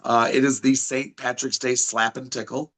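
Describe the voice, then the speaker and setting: A man's voice: mid-range voice, little pitch movement, normal speed, fairly bright tone, low-quality recording. A man chatting as a podcast guest, brash and swearing, talking up his wrestling events while losing his voice. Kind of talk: casual chat.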